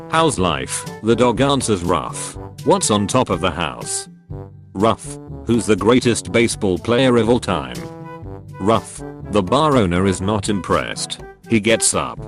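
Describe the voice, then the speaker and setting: Man, low voice, lively pitch, scripted joke narration, deadpan, soft background music. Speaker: narrator reading Reddit posts.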